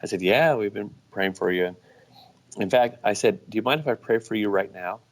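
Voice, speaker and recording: A man, a guest business owner, telling stories in a relaxed, casual way with many restarts. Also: on the low side, brisk. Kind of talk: casual storytelling.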